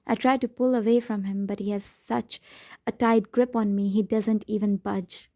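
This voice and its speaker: A woman's voice: mid-range voice, warm tone, dry recording. A woman reading a novel aloud in first person, with a dramatic, emotional delivery. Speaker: audiobook narrator. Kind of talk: first-person audiobook narration.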